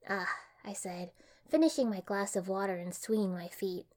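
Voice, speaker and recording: A young woman reading fan fiction aloud in an expressive, even storytelling manner. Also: medium pitch, normal speed. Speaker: audiobook reader.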